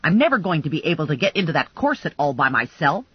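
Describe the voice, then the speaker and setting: Reader voices easygoing male drag queen, slow relaxed drawl, dry close sound. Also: fairly high pitch, breathy edge, dry recording, highs cut off. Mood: fretful. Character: laid-back young man, drag performer, easygoing.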